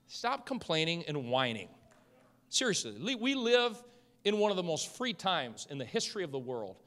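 A high, lively male voice with a bright, forceful edge, preaching from a church platform. He moves between booming emphasis and soft, chatty asides. A long reverb trails after him through the sanctuary. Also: moderate pace. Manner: swings from loud preaching to quiet, chatty asides with laughs. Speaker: pastor. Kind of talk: sermon.

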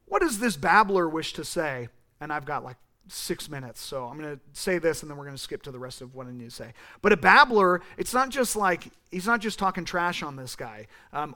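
A young man from California delivers a sermon with a high-pitched voice. He teaches in an animated, rambling way and turns aside often to talk with people in the congregation. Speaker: pastor.

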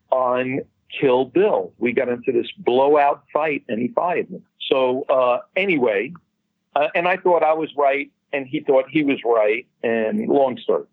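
Male guest storyteller, husky and dry, chatty with casual swearing, heard over a slightly dull line. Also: medium pitch, unhurried, no room sound. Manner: chatty storyteller, swears freely, laughs at his own punchlines. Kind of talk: casual anecdote over a call.

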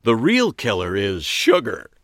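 A man's voice: lowish voice, huge pitch swings, measured pace, fairly bright tone, no echo, studio quality, full character voice. A man voicing a girlish, sly woman harpist who gushes and drawls her words. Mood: preachy.

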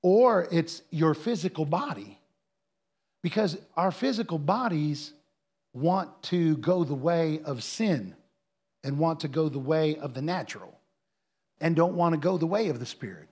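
A man's voice: on the high side, expressive, a little slow, a little mellow, breathy edge. A man, a pastor preaching and answering a question, telling stories earnestly and building to emphatic peaks.

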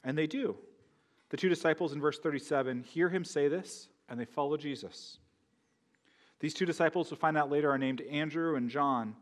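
A man's voice: a little high, moderate pace. A man preaching a sermon in a conversational way, often asking the congregation questions. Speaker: pastor.

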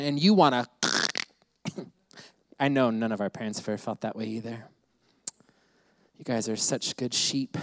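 A man's voice: on the high side, dry recording. A man preaching a sermon to his church, playful and laughing between points. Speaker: pastor. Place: church service.

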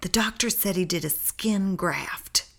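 A woman voicing a frail old man in a hospital bed, speaking weakly and slowly. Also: on the low side, fairly even intonation. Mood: feeble whisper. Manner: weak, whispering, slow speech.

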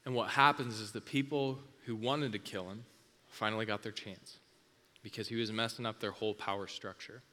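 A male pastor delivering an intense sermon, driving home points with repetition and swinging from loud emphasis to a hush. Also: lowish voice, fairly even intonation, moderate pace.

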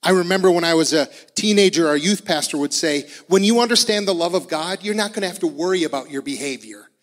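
A man's voice: on the high side, quick pace, long reverb tail. Earnest man in his forties preaching. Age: 40s. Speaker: pastor. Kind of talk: sermon.

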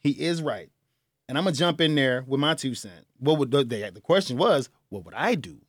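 A man hosting a radio advice show, talking in a lively, folksy way. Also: medium pitch, moderate pace, dry recording, studio quality. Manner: lively, folksy, laughs at himself. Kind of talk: casual advice talk. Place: radio studio. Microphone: studio mic.

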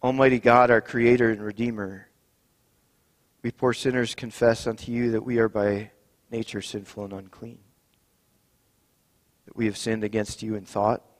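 Solemn pastor in a reverberant church. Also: male voice, lowish voice, level tone. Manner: measured, solemn reading. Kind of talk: communion service and Scripture reading. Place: church sanctuary.

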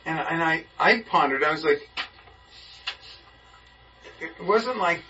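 A man with a bright, forceful voice tells a story to a group, slipping into the voices of the people in it. He sounds far from the mic, and the recording is a little muffled, with faint hiss behind him. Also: fairly high pitch, slow. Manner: lively, acts out the people in his story. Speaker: Bible study group member. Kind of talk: animated storytelling in a group discussion.

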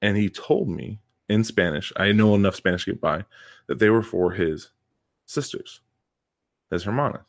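A man's voice: on the low side, lively intonation, normal speed, vocal fry. A man, a coach and PE teacher co-hosting a podcast, telling a story in casual chat and leaning hard on repeated words for emphasis.

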